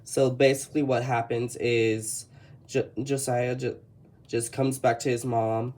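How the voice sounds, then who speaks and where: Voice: medium pitch, flat delivery, measured pace, a little mellow. A speaker with a Texan accent casually rambling through a tour of their old sketchbook, often stopping to correct themselves. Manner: rambling, self-correcting, chatty. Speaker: artist showing a sketchbook. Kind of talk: casual commentary.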